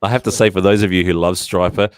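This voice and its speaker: A man's voice: deep voice, fairly even intonation, fast, clear, resonant tone, dry recording, clean studio sound. An Australian man hosting a casual live-stream chat, talkative and often laughing. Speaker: host.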